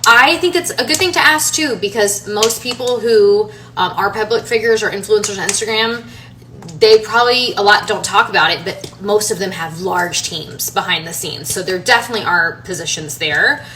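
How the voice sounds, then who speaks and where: A home renovation designer and social media creator in her thirties chats casually with her followers, rambling with lots of fillers and restarts. Her mid-range voice is bright and forceful at a normal speed. She's somewhat distant from the mic, with faint room noise.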